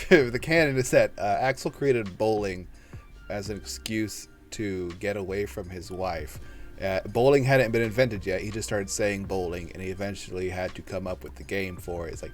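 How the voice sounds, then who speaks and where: Man, podcast host, casual chat, fairly low pitch, joking, laughing, swearing. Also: normal speed, soft background music. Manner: jokey, laughs often, swears freely. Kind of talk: casual chat about a tabletop game.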